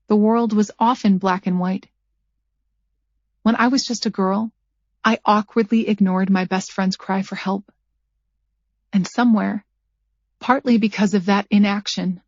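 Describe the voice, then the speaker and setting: A woman narrating a first-person thriller audiobook at a measured pace, her character's lines dryly sarcastic. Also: mid-range voice, a little mellow, no echo. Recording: dull lo-fi dry recording.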